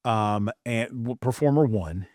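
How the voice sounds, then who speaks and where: A man's voice: mid-range voice, unhurried, a little mellow, no room sound, studio quality. A man co-hosting a podcast in casual chat, laying out his opinions with frequent restarts.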